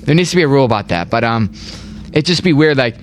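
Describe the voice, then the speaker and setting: Talking fast and expressively at medium pitch, a young podcast host leads a casual sports chat over a little hiss or hum. His speech rambles, with repeated words and frequent "like."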